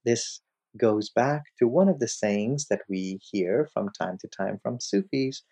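A middle-aged man giving a slow, reflective teaching talk, telling stories and lifting his voice to act out quoted lines. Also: lively intonation, vocal fry, mellow. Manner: slow, storytelling, voices quotes with rising pitch. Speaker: host, scholar of Sufism.

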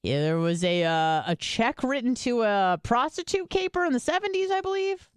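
A woman co-hosts a podcast, telling stories in chatty, casual conversation and swearing freely. Her voice is a little high, expressive, clear, and resonant at a normal speed, recorded dry with clean studio sound.

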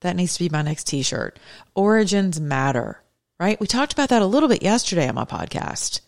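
A woman's voice: lowish voice, sing-song, fast, vocal fry. A woman hosting her own podcast, giving earnest, conversational religious commentary in a preacherly way. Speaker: podcast host.

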